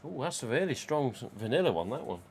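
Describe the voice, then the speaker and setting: A man's voice: mid-range voice, big pitch swings, fast talker, darkish tone, a little hiss or hum. A man, casually chatting and rambling on a live stream from home. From England. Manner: rambling, chatty, reads out chat.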